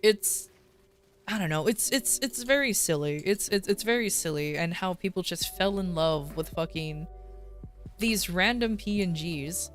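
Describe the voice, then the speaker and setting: Soft background music plays as a woman streamer chats casually on a livestream, ranting bluntly with swearing and frequent restarts. She speaks in a lowish, expressive voice at a measured pace.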